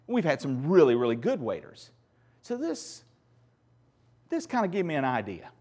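A man's voice: on the high side, wildly swooping pitch, moderate pace, a little mellow, husky. A man presenting to a live audience in a conversational way before introducing a comedy skit. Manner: conversational, addresses the audience and sound desk. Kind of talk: live stage talk.

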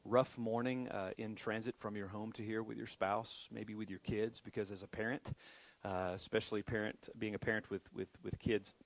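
A man's voice: lowish voice, steady tone, moderate pace, vocal fry, no echo. A middle-aged man preaching as a pastor, talking casually with many restarts and self-deprecating asides. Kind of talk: sermon. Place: church sanctuary.

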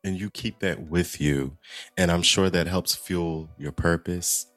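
A man's voice: sits low, unhurried, a bit bright, soft background music. A man from Maryland hosting a podcast, chatting in an upbeat, playful way. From Southern Maryland. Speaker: podcast host. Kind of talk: casual podcast chat.

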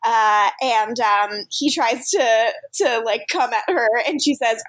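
A woman's voice: on the high side, slow pace, few pauses, fairly bright tone. A woman co-hosting a podcast, animatedly recapping episodes in casual chat and laughing often. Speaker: podcast co-host.

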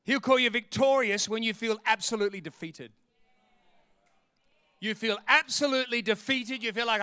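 High, bright-voiced man preaching. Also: normal speed, smooth, no room sound. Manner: animated, acts out voices, laughs often. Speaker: pastor. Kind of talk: sermon.

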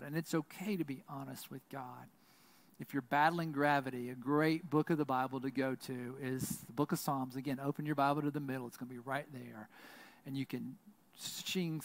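A man with a Southern American accent preaching a sermon as a pastor. He swings between loud, intense passages and quiet, hushed ones, and keeps asking "right?". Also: on the high side, no room sound. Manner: says "right?" very often.

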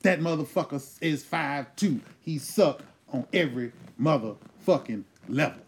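A man with a slightly higher-than-average voice rants loudly and profanely as a comedy show host. His delivery swings from shouted outbursts to muttered asides as he riffs on whatever is bothering him. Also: expressive, measured pace. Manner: loud, profane, ranting.

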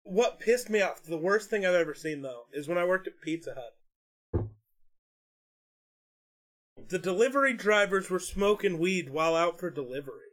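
Young streamer guy, a bit higher voice, blunt and sweary, ranting casually. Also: animated, normal speed, pauses often, a bit bright. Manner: blunt, swears freely, rants about pet peeves. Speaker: podcast co-host, streamer. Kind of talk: casual chat.

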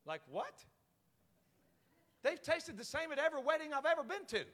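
A man pastor preaching an animated sermon, telling a story with jokes and swinging from hushed asides to loud shouting. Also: extremely high pitch, fast, slight background noise. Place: large church sanctuary. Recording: long church hall reverb.

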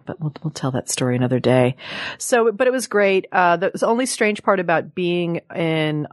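Lady hosting a chat show, kinda low voice, casual rambling, dry sound. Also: dry recording. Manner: chatty, plugs shows, swears playfully. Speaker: podcast host. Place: studio room with guests.

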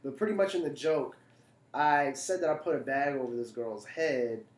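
A male stand-up comedian in casual podcast chat, animated and profane when he gets going. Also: medium pitch, moderate pace. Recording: roomy echo.

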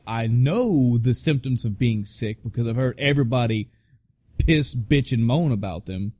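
A man's voice: medium pitch, darkish tone, no room sound. Man telling a profane story, dry sound. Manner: profane, rambling with frequent restarts. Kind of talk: casual spoken anecdote.

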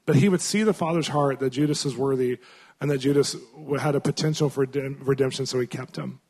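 A man's voice: medium pitch, fairly quick, breathy edge. A man preaching a conversational sermon to a conference crowd, telling stories and acting out the people he quotes. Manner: storytelling, acts out quoted voices, rising to loud bursts; conversational with fillers.

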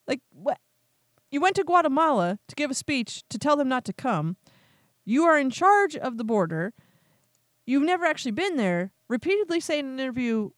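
Woman, political commentary host, sarcastic, incredulous, lively swooping pitch, dry close sound. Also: a little fast, no echo. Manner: quotes others in animated retellings. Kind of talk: opinionated news commentary.

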